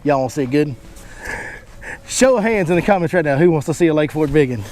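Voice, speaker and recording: A man, a fishing guide giving excited commentary from a boat and chatting to his dog in baby talk. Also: fairly high pitch, quick pace, slight background noise. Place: on a boat on a lake, outdoors.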